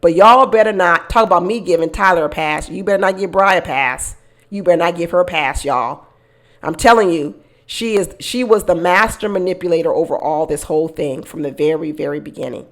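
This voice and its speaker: A woman hosting casual reality-show commentary, animated, acting out quotes and laughing often. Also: fairly low pitch, brisk. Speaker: commentary channel host.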